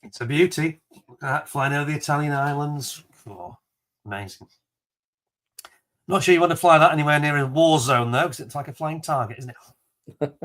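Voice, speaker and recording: A man's voice: on the high side, fairly quick, long pauses, a bit bright. A man hosting a charity model kit auction in casual chat, laughing often and talking up each kit with enthusiasm. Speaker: auction host showing model kits. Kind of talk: casual live-stream chat.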